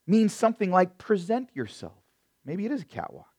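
A middle-aged man preaching a sermon as pastor, emphatic, swinging between loud stressed words and quiet asides, often calling his listeners "beloved.". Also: high voice, big pitch swings, moderate pace.

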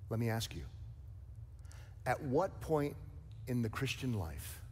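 A man's voice: mid-range voice, sing-song, slow pace, big-room sound, a little hiss or hum. A male pastor preaching a sermon, emphatic and conversational, with light jokes and asides. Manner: emphatic preaching with rising, forceful stresses.

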